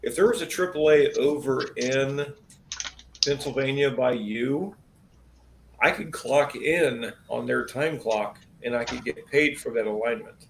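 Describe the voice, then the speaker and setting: Gravelly-voiced mechanic chatting casually. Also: male voice, mid-range voice, unhurried, roomy sound, a little hiss or hum. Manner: blunt, profane, explains shop work. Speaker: auto technician and host. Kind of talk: casual live-stream chat.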